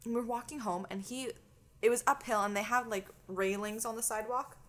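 A woman's voice: fairly high pitch, fairly quick. Canadian woman telling stories, swearing freely. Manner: animated storytelling, swears freely. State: itchy. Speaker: podcast co-host. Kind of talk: casual chat.

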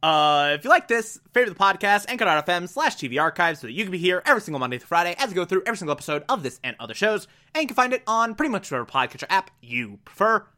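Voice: medium pitch, big pitch swings, rapid-fire, few pauses, pushed and bright. A podcast host giving a chatty, laughing episode recap full of filler words.

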